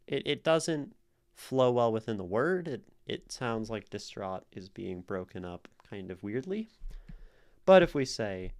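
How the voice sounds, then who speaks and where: A man's voice: fairly low pitch, big pitch swings, measured pace. A man streaming live, casually explaining poetic meter and sounding out the stress in words as he thinks aloud. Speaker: streamer analyzing poetry.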